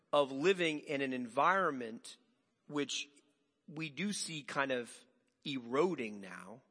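A male pastor preaching a sermon in an animated way, asking the congregation rhetorical questions. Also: a little high. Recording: long hall reverb.

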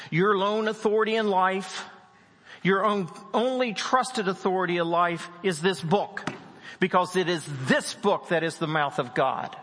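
A man's voice: high-pitched, a bit bright, long reverb tail. A man from West Virginia preaching a sermon, telling a story and acting out the people in it. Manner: storytelling preacher, acts out the people in his stories. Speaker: pastor.

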